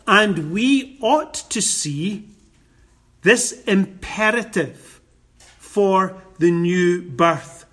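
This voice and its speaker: A man preaching a sermon, quoting scripture and stressing his points with slow emphasis. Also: high-pitched, fairly bright tone.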